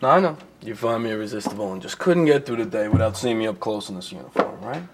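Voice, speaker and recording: A man playing a smug, low-voiced flirt. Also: quick pace, faint music behind, natural voice. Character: smug married male flirt.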